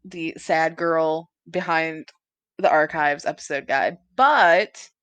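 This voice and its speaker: A woman's voice: low-pitched, slow pace, fairly bright tone, dry recording, muffled recording. A young woman co-hosting a podcast in casual chat, swearing freely and laughing often. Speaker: podcast co-host.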